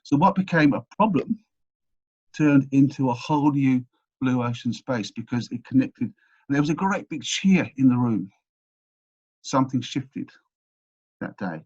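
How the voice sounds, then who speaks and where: A man's voice: medium pitch, animated, measured pace, pauses often, a little mellow, husky, muffled recording. A man as an interview guest, telling a long anecdote with energy, often restarting his sentences. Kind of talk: storytelling in a podcast interview.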